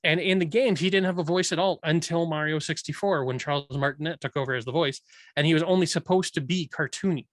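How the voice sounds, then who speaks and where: A man's voice: fairly high pitch, fast, no room sound. A man hosting a casual podcast chat, giving opinionated views at length with frequent restarts. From Irish heritage. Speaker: podcast host.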